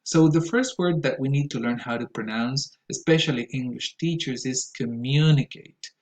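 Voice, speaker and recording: A man's voice: medium pitch, normal speed, low-quality recording. A man whose first language is Spanish, teaching English pronunciation to his students in a careful, explanatory lecture with frequent fillers.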